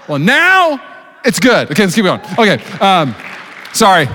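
A male pastor in his thirties preaches at speed, breaking into quick jokes and asides at his own expense. His voice sits a little high, and the sound trails off in the long reverb of a big hall. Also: huge pitch swings, sharp tone. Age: 30s. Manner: fast-talking, jokey, self-deprecating asides. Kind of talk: sermon. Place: church auditorium with live congregation.

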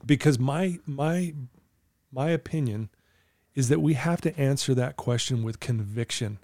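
With a darkish, mid-range voice and a measured pace, a man speaks in a recording free of room sound. He is a client coach interviewed as a podcast guest, earnestly relating stories and playing both sides of conversations with clients.

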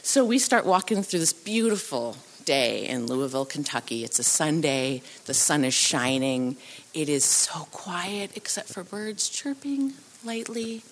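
A woman telling a true story live on a theatre stage into a microphone, animated and acting out the voices of the people in it. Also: low-pitched, a little slow. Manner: animated, acts out voices and sounds.

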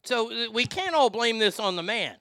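A man's voice: extremely high pitch, animated, normal speed, sharp tone, no room sound. A man hosting a live stream, ranting crudely to his chat with incredulous outbursts and stammered restarts. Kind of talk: crude comedic rant to chat.

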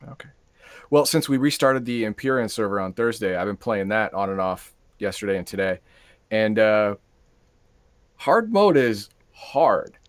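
Male co-host, mid-pitched, hesitant and stammering, dry close recording. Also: lively intonation, normal speed, no room sound. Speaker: podcast co-host. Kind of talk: casual chat.

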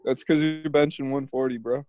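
A man's voice: mid-range voice, steady tone, a little fast, dark tone, muffled recording. A man in casual chat, listening and answering with short, teasing replies.

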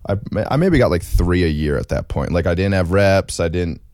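A low-voiced man recounts a story in casual podcast talk, animated and quick to laugh along. The sound is dry and close to the mic. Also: dry recording. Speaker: comedy writer guest. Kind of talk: casual chat.

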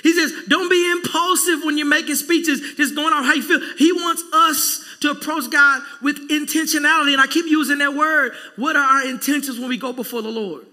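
A male pastor preaching a sermon, casual and animated, acting out quick bits of everyday dialogue. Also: very high voice. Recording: long reverb in a church hall.

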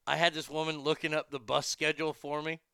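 A man in his fifties hosting a show, chatting casually and bluntly, telling animated stories and acting out callers' voices. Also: a little high, fast talker, vocal fry, clean tone, dry recording. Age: 50s. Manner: blunt and profane. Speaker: show host. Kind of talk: casual chat reading viewer comments.

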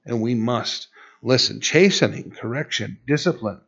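A man's voice: mid-range voice, expressive, moderate pace, creaky, a bit bright, dull audio. A man preaching a sermon in a conversational way, often saying "you know" and restarting his sentences. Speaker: pastor.

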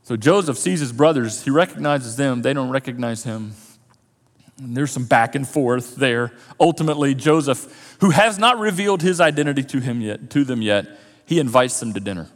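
A man preaching a sermon, telling a story with lively animation and acting out the characters' lines. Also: medium pitch, normal speed, big-room sound. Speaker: pastor. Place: church auditorium.

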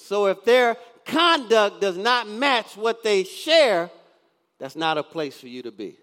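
A man's voice: sits high, big pitch swings, slow, a bit bright. A male pastor in his fifties preaching a sermon, often asking the congregation questions and reading scripture aloud. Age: 50s. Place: church sanctuary. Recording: long church reverb.

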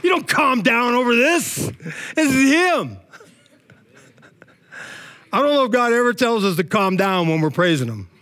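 High-pitched man, middle-aged pastor, fiery sermon, shouted praise, casual slang. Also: sing-song, unhurried, pauses often. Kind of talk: energetic sermon.

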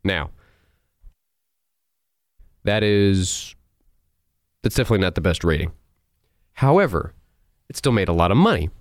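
A man hosting a movie review show, ranting in an animated, sarcastic and incredulous way. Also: low voice, unhurried, long pauses, no room sound, clean studio sound. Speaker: host.

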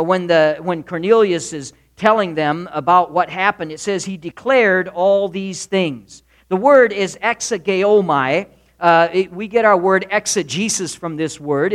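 A man preaching a sermon, animated and humorous, acting out the quotes he reads. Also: high voice, measured pace.

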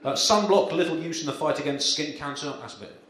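A man doing a deadpan stand-up comedy set at a live gig, with dry humour, hesitant ums and frequent chuckles. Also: fairly high pitch, fast, slight background noise. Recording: very echoey room with clear ambience.

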